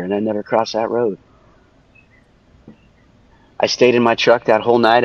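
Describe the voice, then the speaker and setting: Low-voiced man recounting a story, lo-fi. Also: fairly quick. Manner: animated, repeats phrases for emphasis. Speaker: interview guest. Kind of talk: telling a personal story. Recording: dull lo-fi audio.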